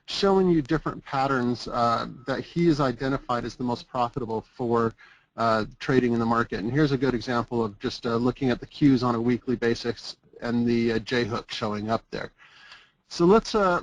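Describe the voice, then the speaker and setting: A man's voice: mid-range voice, rough recording. Man hosting a webinar, many fillers. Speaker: webinar host. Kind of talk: product presentation.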